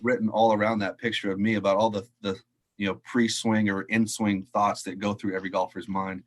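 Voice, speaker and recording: Man, lowish voice, golf pro guest, casual storytelling, animated, laughs a lot, video call. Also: a little fast. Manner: animated storyteller acting out quotes, laughs often. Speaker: head golf professional, podcast guest.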